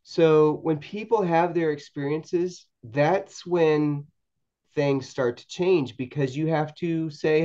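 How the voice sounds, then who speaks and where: A man telling a story as a podcast guest, in a halting way with many repeated words and restarts. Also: a little high, dark tone, muffled recording. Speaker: podcast guest, paranormal investigator. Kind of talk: storytelling anecdote in a podcast interview.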